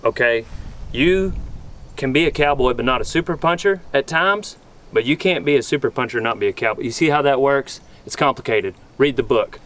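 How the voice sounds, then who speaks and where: A man with a drawl giving a mock-serious, deadpan comedic talk as a cowboy vlogger. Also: medium pitch, fairly quick.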